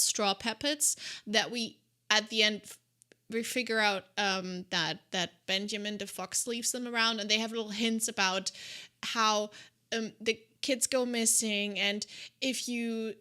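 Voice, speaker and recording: A woman's voice: fairly high pitch, pushed and bright. A woman co-hosting a podcast, chatting casually and rambling through a long game recap. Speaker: podcast co-host. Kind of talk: casual chat about a video game.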